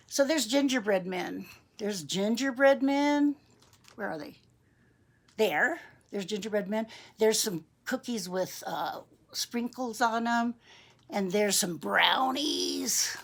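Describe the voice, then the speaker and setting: A woman reading a picture book aloud to young children, gentle and chatty, asking them questions. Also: mid-range voice, lively intonation, takes it slowly, creaky. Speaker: storybook reader for young children.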